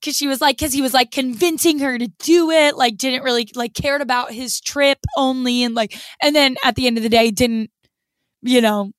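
A woman's voice: sits high, steady tone, normal speed, dry recording. A woman co-hosting a podcast, rambling in casual chat with lots of "like". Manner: rambling, heavy use of filler "like". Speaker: podcast co-host.

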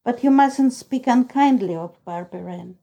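A woman's voice: a little high, lively intonation, a little slow, gravelly, warm tone, full character voice. A woman reading the lines of a kindly old peasant foster mother in a storybook, in a motherly, fond manner. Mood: hushed, earnest.

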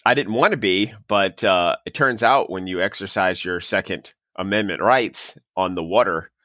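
Bright-toned man, dry and halting. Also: deep voice, no room sound. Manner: halting, with many "uh" and "um" fillers. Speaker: podcast guest, former business owner. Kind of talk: casual interview chat.

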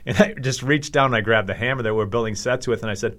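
A man's voice: mid-range voice, fairly quick, fairly bright tone. A middle-aged man from Minnesota telling a story in a profane, laughing way, acting out the other voices. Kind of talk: animated storytelling.

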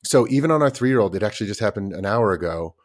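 A man in his thirties with a somewhat low voice, talking loosely on a parenting podcast. He rambles through his stories with plenty of fillers and drops the occasional curse. The tone stays easygoing and conversational throughout. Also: lively intonation, fast talker. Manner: swears casually. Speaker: podcast co-host. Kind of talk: casual chat.

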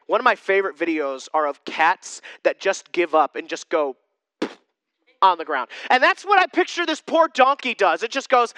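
A man's voice: sits high, bright, forceful tone, dry recording. A man preaching a humorous, conversational sermon, retelling a Bible story with jokes. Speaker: pastor.

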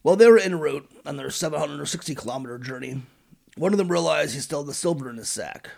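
A sarcastic man narrates with irreverent, foul-mouthed asides. His voice is gravelly and husky, slightly higher than most. It swings widely in pitch as he jokes. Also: expressive, fast, darkish tone. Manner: sarcastic, profane. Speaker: podcast host.

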